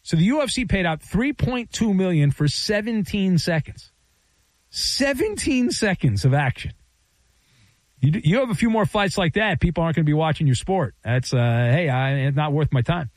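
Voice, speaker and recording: A man's voice: sits high, animated, no room sound. A male sports radio host telling stories with wry asides, speaking into a studio microphone. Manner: wry, storytelling, quick asides.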